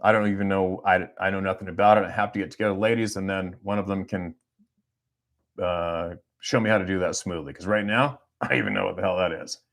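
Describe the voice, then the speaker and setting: A man's voice: low-pitched, steady tone, brisk, creaky, fairly bright tone. A middle-aged man, talking off the cuff on a livestream, rambling and blunt and swearing freely. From Canada. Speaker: hunting guide and livestream host. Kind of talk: casual livestream chat.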